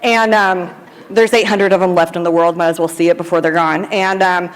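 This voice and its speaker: A woman's voice: on the low side, fairly even intonation, fairly quick. A woman from Sacramento, California telling her recovery story to a live audience, chatty and informal, with lots of "like" and "um". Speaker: AA speaker. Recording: long hall reverb at a live event.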